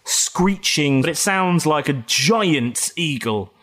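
A man's voice: fairly high pitch, expressive, takes it slowly, very noisy. A man running a tabletop game as game master, describing events in a laid-back way.

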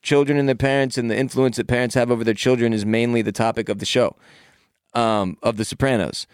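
Guy cohosting a podcast, smooth clear voice, dry close mic, chatty and opinionated. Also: medium pitch, quick pace, no room sound. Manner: opinionated, animated, talks over his partner. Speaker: podcast co-host. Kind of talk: casual chat.

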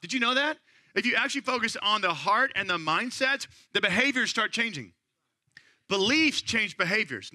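A man in his thirties preaching a sermon, conversational and animated, acting out the voices of the people he quotes. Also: high voice, no room sound, studio quality. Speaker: pastor.

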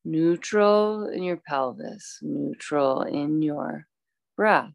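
A woman teaching a yoga class, calmly cueing poses and breaths with chatty asides. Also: deep voice, extremely slow, gravelly, no echo. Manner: calm, instructive, chatty asides.

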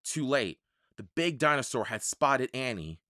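Slow, lively storybook narrator. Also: medium pitch, no room sound, studio quality. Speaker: audiobook reader. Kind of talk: children's audiobook narration.

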